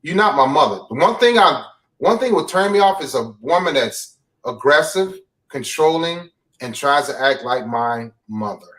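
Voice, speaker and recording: A man's voice: a little high, expressive, moderate pace, fairly bright tone, far from the mic. A man speaking as an interview guest, bluntly reflecting on his own behavior and often repeating himself. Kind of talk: candid confessional talk.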